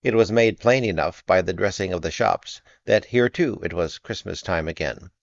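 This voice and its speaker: Deep-voiced man reading a classic tale. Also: gravelly, no echo, dull audio. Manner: measured, expressive storytelling. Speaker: narrator. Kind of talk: audiobook reading.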